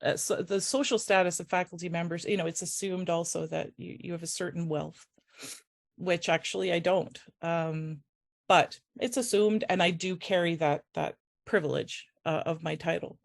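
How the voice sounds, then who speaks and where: Halting, emotional woman giving a talk. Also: lowish voice, steady tone, gravelly. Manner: emotional, halting, many restarts. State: tearful. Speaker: faculty member speaking at a conference. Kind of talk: personal conference talk. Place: conference room.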